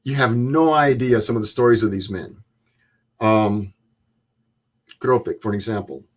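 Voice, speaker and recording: A man in his seventies, a guest, telling stories in a plain-spoken, measured way. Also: on the low side. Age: 70s. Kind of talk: storytelling interview.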